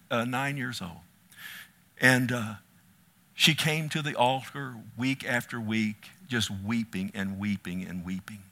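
A middle-aged male pastor preaching a sermon, swinging from loud calls to hushed, quiet storytelling. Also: medium pitch.

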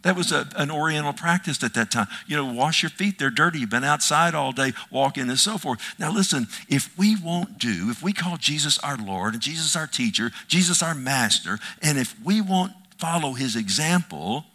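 A man's voice: on the high side, animated, moderate pace, hardly any pauses, bright, forceful tone. A man preaching a sermon as pastor, with emphatic delivery and frequent rhetorical questions to the congregation.

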